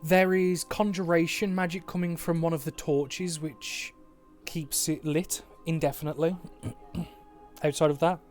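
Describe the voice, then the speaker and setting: A man's voice: a little high, flat delivery, a little slow, soft background music. Man narrating as game master. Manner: descriptive, laughs readily, swears casually. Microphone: online voice call.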